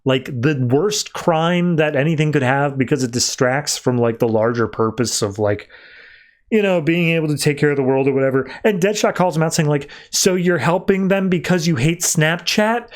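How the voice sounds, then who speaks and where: A man hosts a podcast, talking through a comic book issue in an easygoing, rambling recap. His pitch sits in an ordinary middle range, and he leans on lots of filler words. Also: normal speed. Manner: loose, conversational retelling with many filler words. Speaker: podcast host.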